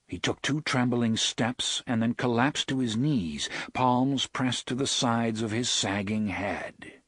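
Slow, husky male audiobook narrator. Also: medium pitch, no room sound. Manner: measured, expressive storytelling. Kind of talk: scripted narration.

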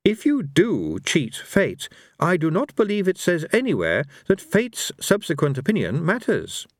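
A man voicing a graceful, mysterious lady of chance who speaks softly and calmly. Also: fairly high pitch, a little slow, no room sound, clean studio sound, voice pushed up, heavily acted. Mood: serene.

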